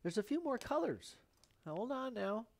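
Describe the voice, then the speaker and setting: A man's voice: very high-pitched, very animated, moderate pace, gravelly. A man hosting a live painting stream, thinking aloud in rambling, self-mocking asides as he works. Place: painting studio.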